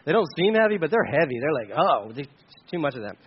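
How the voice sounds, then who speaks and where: A man, a pastor, preaching a sermon and telling a personal story in an animated way, with many restarts. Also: on the high side, quick pace, highs cut off, slight background noise.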